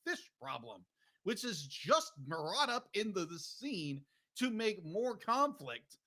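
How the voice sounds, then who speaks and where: A man's voice: sits high, very animated, slow pace, pushed and bright. A man hosting a casual film discussion podcast, rambling and restarting his sentences. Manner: rambling, restarts often, keeps saying "be like". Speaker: podcast host.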